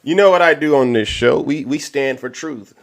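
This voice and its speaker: A man's voice: fairly high pitch, moderate pace. A man hosting a political commentary livestream, boastful and showy, with catchphrases. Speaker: livestream host.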